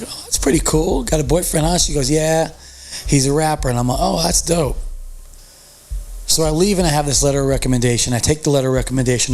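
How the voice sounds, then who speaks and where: A man guesting on a podcast, telling a story casually and acting out the quoted dialogue in a raised voice, with loose, profane street talk. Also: medium pitch. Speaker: podcast guest, music promoter.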